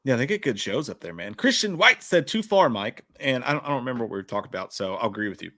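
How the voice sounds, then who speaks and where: A man's voice: mid-range voice, rapid-fire, dry recording. A young adult man co-hosting a live show, chatting casually and telling rambling, crude stories. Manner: rambling, crude, lively storytelling. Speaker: podcast co-host.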